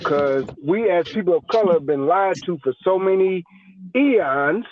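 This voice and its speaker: A man joins over a muffled, lo-fi call line and speaks in an earnest, somewhat preachy way. His voice sits a little high for a man. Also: lively intonation, normal speed, no room sound. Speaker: music network guest. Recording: dull lo-fi online call audio.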